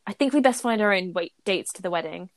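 A woman's voice: medium pitch, lively intonation, fast talker, no echo, lightly acted. Woman reading as a bitter young wizard man. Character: brooding young wizard man, proud and hurt.

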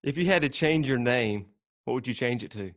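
A man hosting a casual church interview, asking rapid-fire questions with a joking manner and frequent laughs. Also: medium pitch, dry recording, clean studio sound. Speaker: church podcast host.

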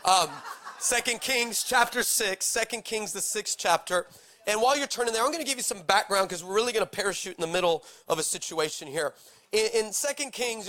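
Bright, high-voiced animated male preacher. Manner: animated, jokey preaching with dramatic scripture reading. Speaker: pastor. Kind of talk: sermon.

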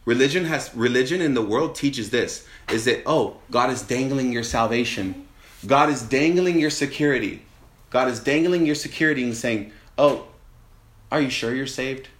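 A man preaching a sermon in an animated way, asking rhetorical questions and acting out quoted voices. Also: mid-range voice, normal speed, roomy sound.

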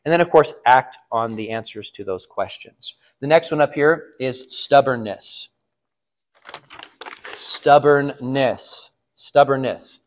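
A man's voice: mid-range voice, animated, moderate pace, few pauses. A middle-aged man giving a casual sermon on marriage to a class, chatty, laughing at his own stories and asking the room questions. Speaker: pastor or class teacher.

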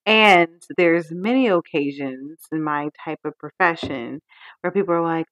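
Articulate woman in her thirties, lower voice. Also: unhurried, fairly bright tone, muffled recording. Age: 30s. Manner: crisp, articulate, emphatic. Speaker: podcast co-host. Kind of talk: casual chat.

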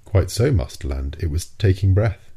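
A dutiful young manservant, always calm and endlessly polite, voiced by a man reading aloud from a novel. His tone is composed and deferential, carried on a dark, husky timbre that sits low. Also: moderate pace, exaggerated voice.

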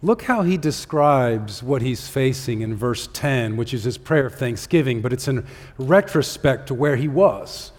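A man preaching a sermon as pastor, with earnest, conversational delivery, pauses and fillers, and a soft, prayerful tone in prayer. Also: mid-range voice, expressive. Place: church sanctuary. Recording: long hall reverb.

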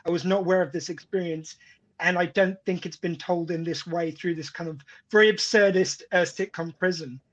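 A man hosting a podcast, chatting in an animated, enthusiastic way and laughing easily. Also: sits high, moderate pace. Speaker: podcast host. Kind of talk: casual podcast chat. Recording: dull lo-fi audio.

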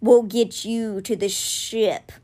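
A woman voicing a calm giant male cat in a storybook reading, speaking slowly. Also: fairly high pitch. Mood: steady. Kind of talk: reading a children's novel aloud.

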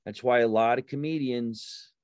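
A male comedian from New Jersey, appearing as a guest in a casual chat, tells stories animatedly and acts out the people he quotes in raised voices. His medium-pitched voice keeps a moderate pace, with clean studio sound and no room sound.

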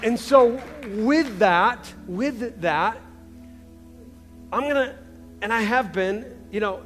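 A young male pastor preaching a casual, conversational sermon, full of restarts and asides, in a large church. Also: sits high. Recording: reverberant church hall with faint music.

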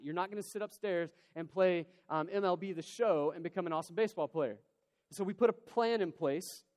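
A man preaching a sermon in a large church hall, telling a personal story in an animated, conversational way. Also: high voice. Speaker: pastor. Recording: long hall reverb.

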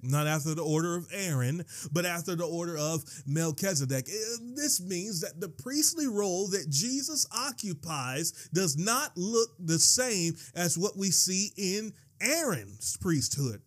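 A man preaching a sermon, slowing down for quoted verses and repeating lines for emphasis. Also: high-pitched, animated. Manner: dramatic pauses and slowed quotations, building to shouting; repeats and rereads phrases for emphasis.

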